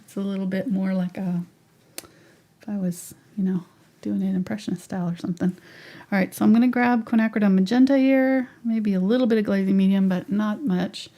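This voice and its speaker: A woman's voice: mid-range voice, steady tone, brisk, mellow. A woman teaching a live painting tutorial in a chatty way, thinking aloud and sometimes whispering to herself. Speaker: painting instructor.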